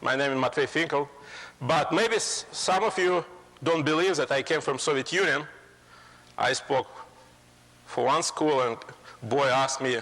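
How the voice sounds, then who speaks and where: A man's voice: medium pitch, unhurried, a bit bright. A man in his forties from Moscow, speaking in broken, Russian-accented English and joking as a guest lecturer. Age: 40s. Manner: plain, broken English with playful jokes. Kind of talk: humorous lecture. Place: college lecture hall. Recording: long reverb of a lecture hall.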